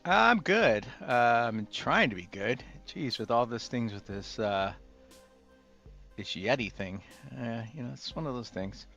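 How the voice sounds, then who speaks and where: Male guest, relaxed and filler-heavy, music faint behind. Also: mid-range voice, measured pace, highs cut off. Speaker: returning guest. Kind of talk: casual chat.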